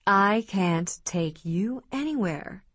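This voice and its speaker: A wry teenage boy who teases with blithe, deadpan ease, as a woman narrator reads him. He drawls his lines slowly and leisurely, in a dry, close audiobook sound with no room around it. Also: medium pitch, dry recording. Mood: teasing.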